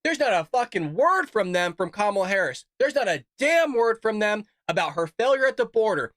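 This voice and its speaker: A man hosting a live political reaction show, ranting heatedly and swearing as he shouts his frustration. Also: high-pitched, big pitch swings, a little fast, few pauses, dry recording, clean studio sound. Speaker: political commentary host.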